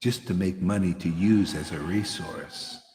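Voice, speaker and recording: A man's voice: low-pitched, a little slow, warm tone, a little hiss or hum. A man preaching informally to a devotional gathering, rambling and peppering his talk with "you know" and "man". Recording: echoey hall with long reverb.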